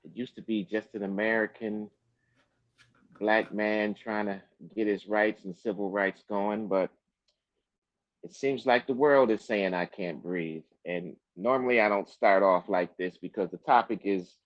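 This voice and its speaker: A man hosting a live question-and-answer talk, speaking slowly and earnestly with many fillers. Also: lowish voice, steady tone, no room sound, lo-fi sound. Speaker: host.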